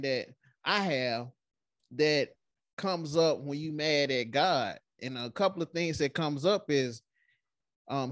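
A man hosts a laid-back faith podcast in a fairly high voice, recorded dry and close. He talks animatedly, peppering his speech with "man" and giving scripture a preacherly lift. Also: no echo. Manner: animated, fills sentences with "man", preacherly emphasis. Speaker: podcast host. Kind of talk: casual faith podcast chat with prayer and scripture reading.

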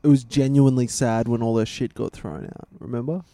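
A man's voice: mid-range voice, fairly even intonation, fairly quick, dark tone. A young man co-hosting a podcast, teasing his friend in a laid-back way. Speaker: podcast co-host. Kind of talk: casual banter.

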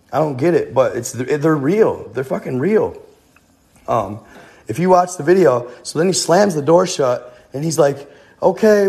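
A man's voice: fairly high pitch, darkish tone. Rambling, profane man telling a ghost story. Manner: rambling and profane, with many restarts. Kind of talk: casual storytelling.

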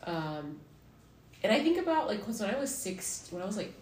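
A woman's voice: mid-range voice, very animated, moderate pace. A woman hosting a podcast in casual chat, laughing often and swearing freely. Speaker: podcast host. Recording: roomy echo with faint noise.

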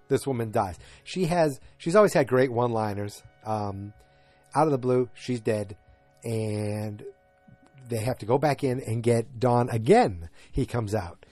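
A man's voice: medium pitch, a little slow, darkish tone, dry recording, soft background music. A man from north of Boston with a light Boston accent, casually recapping a TV episode and rambling with lots of fillers and asides. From north of Boston, USA.

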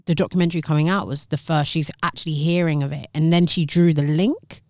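A woman's voice: deep voice, fast talker, dry recording, clean studio sound. A young woman chatting casually, outspoken and full of likes. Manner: animated, outspoken, frequent likes. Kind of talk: casual chat.

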